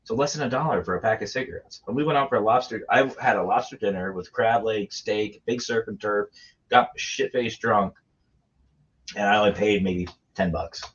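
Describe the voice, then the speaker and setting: A man with a fairly low voice tells crude travel stories, laughing at his own jokes. The chat is loose and casual, like friends around a podcast mic. The sound is a bit dull and lo-fi. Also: a bit bright, husky.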